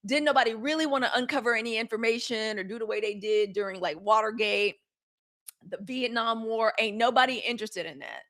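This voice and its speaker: A woman's voice: on the high side, steady tone, a little fast, fairly bright tone. A middle-aged woman hosts a live news commentary stream, blunt, sarcastic and fiery, swearing freely and answering viewer comments. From United States. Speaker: host of a daily live news commentary show.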